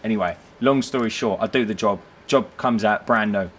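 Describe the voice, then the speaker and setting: A man's voice: fairly low pitch, moderate pace, a little hiss or hum. A man, co-hosting a podcast and telling a story in casual chat, acting out the voices of the people he quotes. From United Kingdom. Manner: animated, acts out quoted voices. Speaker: podcast co-host.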